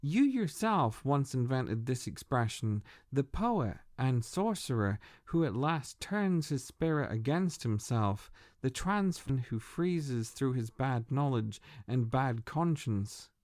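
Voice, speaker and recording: A man's voice: medium pitch, a little mellow, dry recording, clean studio sound. A man reading as a weary, deceitful old sorcerer. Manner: pleading, self-pitying.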